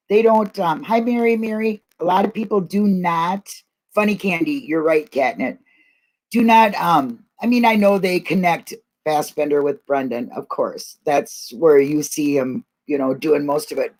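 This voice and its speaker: A woman's voice: low-pitched, normal speed, a little mellow, poor audio. A woman co-hosting a livestream in casual chat, rambling and joking and laughing often. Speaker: co-host of a livestream.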